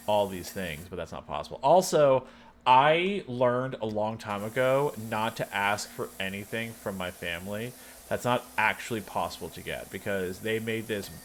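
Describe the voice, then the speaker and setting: Guy streaming, lowish voice, rambles and restarts a lot, bit of faint noise behind him. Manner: rambling, self-interrupting, wry. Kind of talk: casual storytelling chat.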